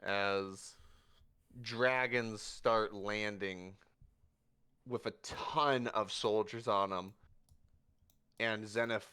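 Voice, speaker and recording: Guy running a tabletop game, slow vivid battle narration, bright clear voice. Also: on the low side, steady tone. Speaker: game master.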